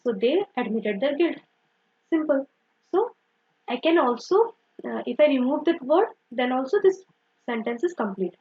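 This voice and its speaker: A woman's voice: high-pitched, animated, normal speed, husky, phone-quality sound. A woman teaching an online grammar lesson, explaining step by step and often saying "simple" and "okay".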